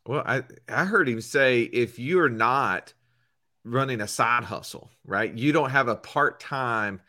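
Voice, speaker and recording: A man co-hosting a podcast, talking emphatically with dramatic pauses. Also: medium pitch, pushed and bright. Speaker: podcast co-host. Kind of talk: podcast intro chat.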